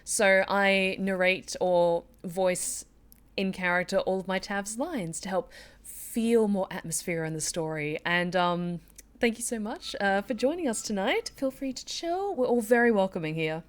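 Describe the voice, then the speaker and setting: A woman's voice: mid-range voice, a little slow. A woman voice actor chatting on her live stream in a giggly, chatty way. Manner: giggly, chatty, warm-hearted. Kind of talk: casual live-stream chat.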